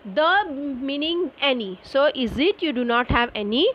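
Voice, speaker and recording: A woman teaching an online French class, explaining slowly with many fillers and spelling words out letter by letter. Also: sits high, lively intonation, highs cut off.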